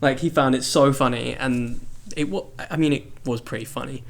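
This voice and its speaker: Young man, casual podcast co-host, animated storyteller, laughs as he talks. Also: medium pitch, moderate pace, creaky. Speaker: podcast co-host, band member. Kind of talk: casual chat.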